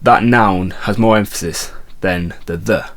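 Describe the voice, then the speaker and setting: A man with a somewhat low voice gives a songwriting lesson as a guitar teacher. He explains step by step in a patient, friendly teaching tone and now and then stops and restarts a phrase. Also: measured pace. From England.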